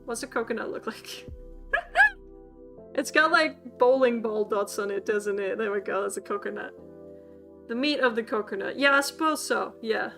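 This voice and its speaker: A woman's voice: on the high side, creaky, music in the background. A woman, chatty and giggly, teaching a casual streamed language lesson as a VTuber. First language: Swedish. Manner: chatty and giggly, quick to laugh at her own jokes.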